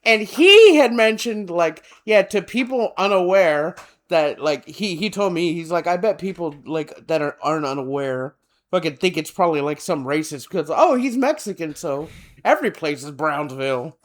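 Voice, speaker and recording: A man's voice: sits high, normal speed, fairly bright tone. A man from South Texas co-hosting a podcast, joking around in casual chat, swearing freely and bursting into laughter. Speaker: podcast co-host.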